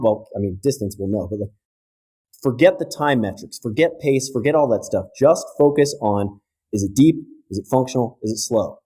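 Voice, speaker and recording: A man of middle pitch talks as a podcast guest, explaining breathing technique with real energy. He keeps things casual and often tags his points with a quick "right?" to check that the listener is with him. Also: animated, mellow.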